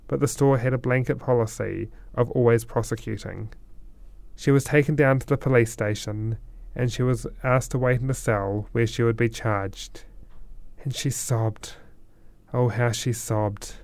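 A man narrating a story in a gentle, slow, heartfelt way. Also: medium pitch, clean tone, no echo.

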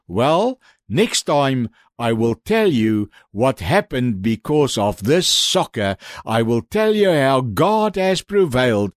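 A man preaching on the radio as a pastor, telling an animated story and calling his listeners friends. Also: fairly high pitch, no room sound, clean studio sound.

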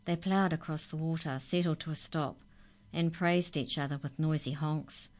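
A woman calmly reading a children's story aloud. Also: low-pitched, normal speed.

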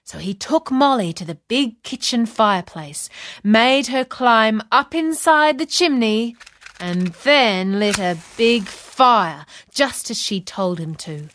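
A woman reading a children's fairy tale aloud in slow, expressive storybook narration. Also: on the high side, no room sound.

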